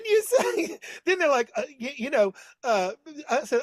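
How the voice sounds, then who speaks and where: A man's voice: extremely high pitch, very animated, measured pace, hardly any pauses, no room sound. A middle-aged man in drag persona, a guest telling bawdy stories in campy casual chat over a video call, calling people honey.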